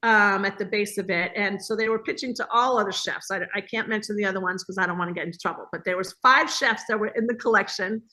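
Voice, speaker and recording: A woman guest telling stories in a casual interview over a video call, acting out the voices she quotes. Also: medium pitch. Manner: lively storyteller who acts out quoted voices. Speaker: guest, hospitality business owner.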